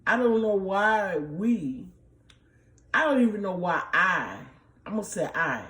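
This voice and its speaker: A middle-aged woman giving slow, emotional, emphatic commentary to her viewers. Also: mid-range voice, big pitch swings, fairly bright tone. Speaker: vlogger. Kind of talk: casual commentary. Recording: echoey room.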